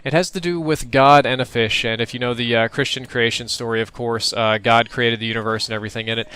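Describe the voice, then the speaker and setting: A man's voice: medium pitch, fairly even intonation, quick pace, pushed and bright, clear, resonant tone. A young man giving casual, reflective commentary over gameplay, talking in a conversational way. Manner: conversational, reflective, laughs now and then. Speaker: gaming commentator.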